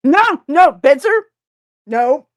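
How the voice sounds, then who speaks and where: A woman co-hosting a writing prompt stream who chats excitedly, giggles, talks with her mouth full and reads stories aloud. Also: high-pitched, slow pace, no room sound, studio quality. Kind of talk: casual chat and reading stories aloud.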